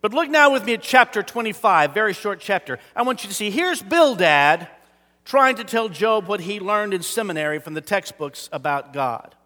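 High, bright-voiced man preaching in a reverberant hall. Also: expressive, moderate pace. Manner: dramatic, swings from loud to whispered; calls out to the congregation. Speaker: pastor. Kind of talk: sermon.

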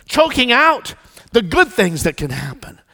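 A man preaching a sermon as pastor, swinging from hushed pleading to loud declaration. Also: very high-pitched, huge pitch swings, measured pace. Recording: long church reverb.

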